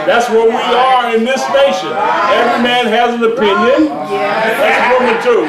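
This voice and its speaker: High-voiced preacher in an echoey church. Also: male voice, unhurried, over a noisy crowd. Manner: animated, laughing as he tells a story. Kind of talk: sermon with storytelling. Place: church hall with congregation. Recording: echoey live church stream from far off. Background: congregation responding.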